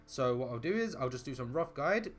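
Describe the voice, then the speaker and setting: A man's voice: mid-range voice, animated, a little fast, faint music behind. A man hosting a casual drawing tutorial, thinking aloud as he sketches and chatting with self-deprecating asides. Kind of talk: casual rambling drawing narration.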